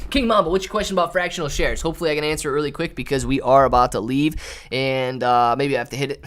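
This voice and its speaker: A man's voice: medium pitch, steady tone, a bit bright. A man hosting a casual livestream, thanking viewers by name and reading their chat messages aloud in playful put-on voices. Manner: jokey, drawn-out teasing delivery. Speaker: livestream host.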